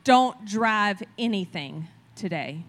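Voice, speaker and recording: A stern, serious father gives firm commands, as a woman quotes him in her sermon. His delivery is short and grave. Its pitch stays close to her everyday speaking voice. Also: expressive, slow.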